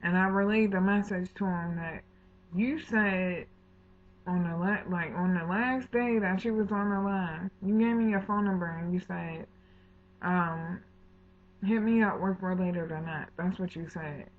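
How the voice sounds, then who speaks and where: A woman's voice: fairly low pitch, a little slow. A woman telling a true story for her vlog in a heated, indignant way, full of slang, swearing and acted-out bits of the conversation. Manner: heated, indignant retelling with slangy asides and quoted dialogue. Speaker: vlogger. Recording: tinny phone-like audio.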